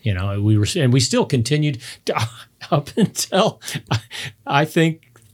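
A middle-aged man telling hunting stories on a podcast in casual chat, his voice jumping up high when he gets excited. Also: measured pace. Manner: animated storyteller, voice jumps high when excited. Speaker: podcast guest.

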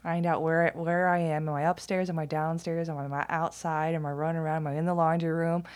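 A woman's voice: low voice, level tone, a little fast, darkish tone. A woman talking in a casual monologue, candid and blunt, swearing freely, laughing often and now and then dropping to a near whisper.

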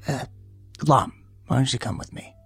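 A man's voice: a little fast, no echo, soft background music. A man playing his character in a tabletop game, chummy and playful. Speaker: player.

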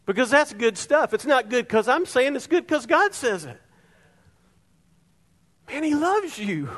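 High-voiced man preaching in a reverberant hall. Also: big pitch swings, unhurried, a bit bright. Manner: emphatic preaching with repeated phrases. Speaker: pastor. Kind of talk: sermon. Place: church sanctuary.

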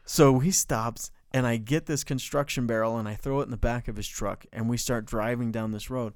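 A middle-aged man from small-town New Mexico telling a story in casual chat as co-host, animated and swearing, his voice jumping high when excited. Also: normal speed, clean tone, no room sound, clean studio sound. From Bloomfield, New Mexico. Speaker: podcast co-host.

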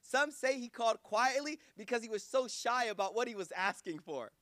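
A man's voice: extremely high pitch, lively intonation, normal speed, pushed and bright, dry recording, studio quality. A man preaching in a casual, conversational way, acting out quoted voices. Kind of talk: sermon.

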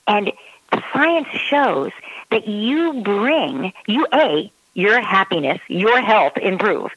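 A woman's voice: medium pitch, fairly bright tone, no echo, poor audio. A woman parenting expert giving advice in casual talk who acts out her child's voice in quotes. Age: adult parent.

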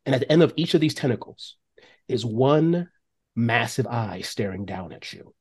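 A man of middling pitch running a tabletop game, describing scenes in an animated way. He often pauses with fillers as he builds the story. His voice has an everyday, even tone. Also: husky. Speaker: game master.

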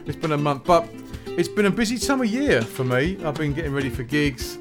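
A man with a higher, sing-song voice hosts his own music podcast at a moderate pace. He rambles casually and pokes fun at himself, with plenty of filler words and restarts.

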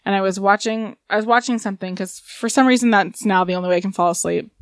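A woman's voice: mid-range voice, fast. A pregnant woman in her thirties, a podcast co-host, telling stories in a blunt, exasperated way and sounding tired. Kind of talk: casual chat.

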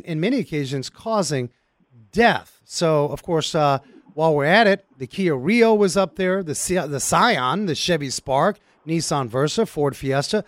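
A man co-hosting a car talk radio show, teasing callers and explaining car safety in an animated way. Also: sits high, no echo, clean studio sound. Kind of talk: casual radio chat.

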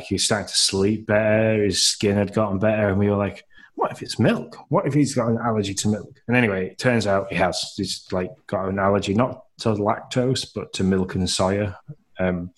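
Brief: male podcast co-host, 30s, low voice, rambling, self-deprecating storyteller. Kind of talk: casual chat, storytelling.

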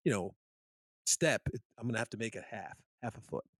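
A man on a podcast telling a long anecdote in casual chat, rambling and animated, full of restarts and "you know". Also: fairly low pitch, a little fast, no room sound. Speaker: podcast host.

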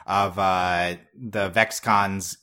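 A man's voice: deep voice, steady tone, extremely slow, pushed and bright. A man hosting a casual podcast chat, rambling with lots of fillers and small chuckles. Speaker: podcast host.

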